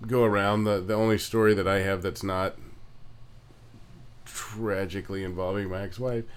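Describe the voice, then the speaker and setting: A man co-hosting a podcast, talking in casual chat with a halting, hesitant manner and quiet asides. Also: low-pitched, little pitch movement, a little hiss or hum. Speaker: podcast co-host.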